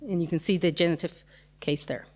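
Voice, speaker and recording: A woman's voice: on the low side, brisk. A woman giving a conference talk, patiently explaining grammar with examples and the odd light chuckle. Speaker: conference speaker.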